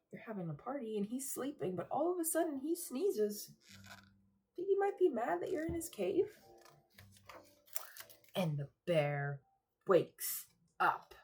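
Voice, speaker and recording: A young teacher reads a picture book aloud to her class, her husky voice swinging up and down with a lively sing-song. She leans into the rhythm of the rhymes and stops now and then to quiz the children. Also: on the high side. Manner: rhythmic, expressive, asks the kids questions. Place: cozy room at home.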